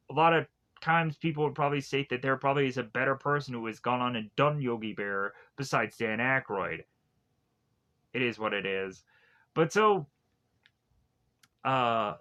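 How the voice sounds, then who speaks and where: A man giving a casual spoken film review, rambling and halting with many filler words. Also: fairly high pitch, bright, forceful tone, highs cut off.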